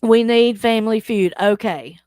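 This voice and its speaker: A woman's voice: fairly high pitch, unhurried, darkish tone, no room sound, clean studio sound. A woman hosting a casual live stream, chatting with viewers, teasing them and laughing often as she reads the chat aloud. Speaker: livestream host.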